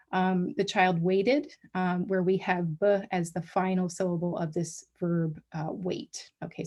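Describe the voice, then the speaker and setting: A woman's voice: mid-range voice, darkish tone. Woman, guest lecturer at an academic colloquium, explanatory delivery with filler ums and self-corrections. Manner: explanatory, frequent ums and restarts. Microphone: livestream talk mic.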